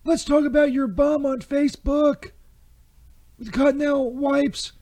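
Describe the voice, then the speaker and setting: A man's voice: very high-pitched, fairly even intonation, a little slow, a little mellow. A man voicing a bumbling, crude Saint Peter who keeps restarting a comedy ad read. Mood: fumbling. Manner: stumbling, restarting, crude and sarcastic.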